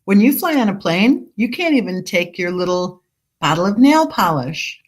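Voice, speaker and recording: A woman's voice: medium pitch, big pitch swings, moderate pace. A woman hosting a casual true crime livestream, reading viewer comments aloud and questioning the story, talking while she eats. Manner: skeptical, questioning. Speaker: true crime channel host.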